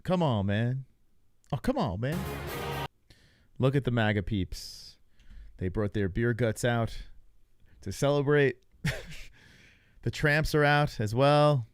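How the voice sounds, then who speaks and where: A man's voice: mid-range voice, expressive, takes it slowly, long pauses, clear, resonant tone, soft background music. A young man hosting a live stream, reacting to results in loose, joking chatter and talking to his chat. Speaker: livestream host. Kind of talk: casual live reaction commentary.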